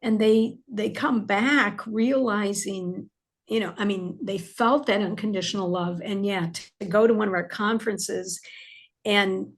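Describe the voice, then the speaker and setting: Chatty woman with a gravelly edge. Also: mid-range voice, steady tone, a little slow. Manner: chatty, many fillers, gets choked up with emotion. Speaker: podcast guest, author. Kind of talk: casual interview chat.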